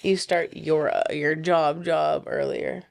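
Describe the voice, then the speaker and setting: A woman co-hosting a casual podcast chat, playful and quick to giggle as she tells stories. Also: low voice, fairly even intonation, gravelly. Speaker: podcast co-host.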